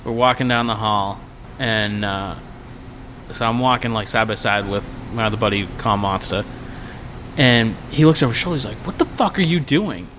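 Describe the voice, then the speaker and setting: On the low side and at a moderate pace, a podcast guest relates a boozy convention tale during a relaxed chat, with slight background noise. He gets animated, raising his voice to act out what people said.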